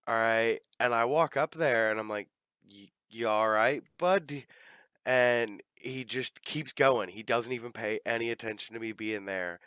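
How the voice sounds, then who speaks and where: A man's voice: medium pitch, normal speed, hardly any pauses, pushed and bright, clear, resonant tone, no echo, clean studio sound. A man hosting a casual chat, telling long profane rambling stories.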